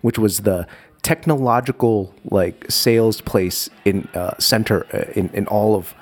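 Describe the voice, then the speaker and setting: A man's voice: lowish voice, a little slow. A man telling a story in casual chat, restarting often and acting out the voices in it. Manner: animated, lots of restarts, acts out voices.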